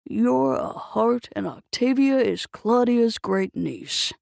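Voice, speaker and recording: A woman voicing a combative older man with a loud, bossy manner in an audiobook. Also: extremely high pitch, lively intonation, takes it slowly, vocal fry, dry recording, heavily acted. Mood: angry. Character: gruff older man, bushy-browed and combative.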